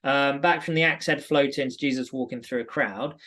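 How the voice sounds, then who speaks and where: A man from Britain co-hosting a podcast, giving a chatty, animated Bible commentary full of asides. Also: medium pitch, normal speed. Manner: chatty, animated storytelling with many "like"s. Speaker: podcast co-host. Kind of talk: casual Bible commentary chat.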